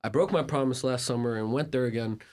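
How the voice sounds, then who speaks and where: An American man, a podcast guest, telling travel stories in a casual, animated way, laughing and acting out the people he quotes. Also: medium pitch, fast talker. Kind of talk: casual storytelling.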